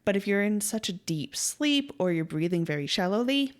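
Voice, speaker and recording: A woman's voice: mid-range voice, animated, moderate pace. A young woman co-hosting a casual podcast, retelling a story in a chatty way, acting out quotes and laughing easily. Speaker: podcast co-host.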